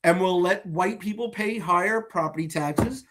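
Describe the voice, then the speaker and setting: A man's voice: high-pitched, normal speed, a bit bright. A man co-hosting a political talk show, blunt and profane in his opinions. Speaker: co-host.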